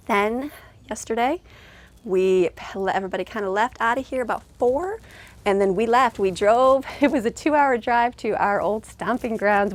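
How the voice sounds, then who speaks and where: A middle-aged woman talking in a casual vlog, earnest and emotional, rambling with many restarts and heartfelt thanks. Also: fairly high pitch. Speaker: vlogger and mother.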